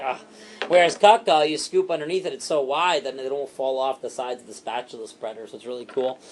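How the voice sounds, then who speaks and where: A man training a sales team, animated and repetitive, acting out what to say to customers. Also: a little high. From Italian heritage. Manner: animated, fast and repetitive, acts out customer lines.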